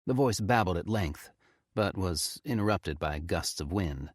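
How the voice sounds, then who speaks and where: A man reading a horror story aloud with expressive, tense storytelling. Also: deep voice, measured pace, no echo, studio quality. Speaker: audiobook narrator. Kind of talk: scripted horror narration.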